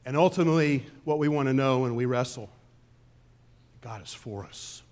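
A pastor preaching a conversational sermon, swinging between loud emphasis and quiet asides. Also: male voice, mid-range voice, animated, normal speed. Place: church sanctuary.

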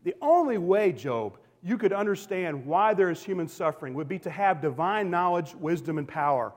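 Pastor guy preaching, kinda high voice, goes big then drops real quiet, long echo off the hall. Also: lively intonation, moderate pace. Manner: emphatic preaching that swings from loud to hushed. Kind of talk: sermon. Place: church sanctuary.

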